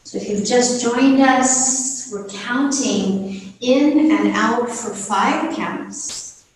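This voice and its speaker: A woman leads a gentle yoga session, talking very slowly and calmly as she guides each breath and pose. Her voice sits a little high. The sound is distant and roomy, with a long echo trailing off her words. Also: a little hiss or hum. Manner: slow, calm, soothing cues. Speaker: yoga teacher. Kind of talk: guided yoga class instruction. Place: home studio on a live video call. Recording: roomy echo from far off the mic.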